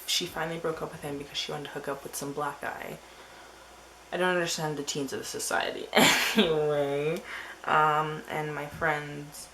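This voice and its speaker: A woman's voice: low-pitched, creaky, a bit bright, slight background noise, low-quality recording. A teenage girl telling a rambling story in a casual diary vlog, full of "like" and quoted asides. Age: teens. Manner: rambling, filler-heavy storytelling. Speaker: vlogger.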